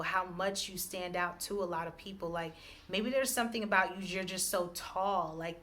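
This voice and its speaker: A woman's voice: mid-range voice, bright, forceful tone. A woman giving an intuitive spiritual message reading, circling the same idea in repeated, hedging phrases and laughing often. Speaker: intuitive reader.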